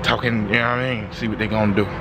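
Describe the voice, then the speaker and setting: A man, vlogging from his truck at a car lot, excited and rambling, swearing freely. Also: on the low side, rapid-fire, heavy background noise. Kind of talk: casual vlog talk to camera.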